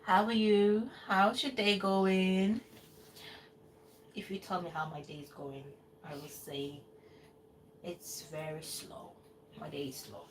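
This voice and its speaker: A woman's voice: medium pitch, fairly even intonation, takes it slowly, pauses often. Chatty woman streaming from her kitchen. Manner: rambling, chatty, reads out viewer comments. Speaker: live-stream cooking host. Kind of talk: casual live-stream chat. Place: home kitchen in the UK. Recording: distant mic with noticeable background noise.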